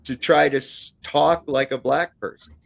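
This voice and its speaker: A man's voice: medium pitch, steady tone, a little slow, creaky. Blunt, cursing man on a video chat. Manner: blunt and profane, with frequent fillers. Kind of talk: casual chat on a livestream. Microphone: video call.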